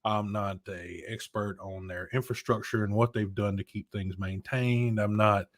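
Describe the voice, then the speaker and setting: A low-pitched man talks on a dry, close mic as a podcast co-host. He rambles and gets animated, restarting his sentences as he goes off on rants. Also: normal speed, no echo. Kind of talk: casual chat.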